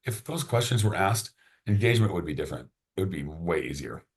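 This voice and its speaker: A man's voice: sits low, lively intonation, fast. A man, a podcast guest, chatting casually and enthusiastically, often restarting his sentences. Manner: enthusiastic, rambling, repeats words when starting sentences.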